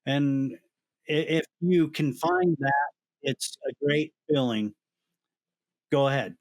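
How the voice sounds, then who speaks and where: A man hosting a podcast interview, giving earnest, deliberate advice in conversation. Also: mid-range voice. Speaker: podcast host.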